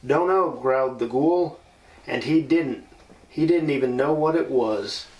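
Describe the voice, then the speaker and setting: A man's voice: mid-range voice, measured pace, a little mellow. A man reading a storybook aloud indoors in an old house, with playful asides to his listeners. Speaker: paranormal investigator. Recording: roomy sound from a distant mic.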